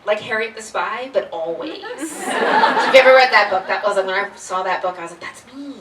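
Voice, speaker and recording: A woman author talking casually on a panel, animated and jokey, often breaking into laughs. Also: mid-range voice, brisk. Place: bookstore event room with audience. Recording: echoey room, distant mic, crowd noise.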